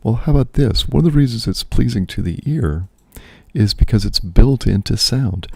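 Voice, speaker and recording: A man's voice: medium pitch, expressive, normal speed, vocal fry, a little mellow, husky, no echo. A man, a priest and host, musing aloud in casual spoken reflection, often checking in with "right?".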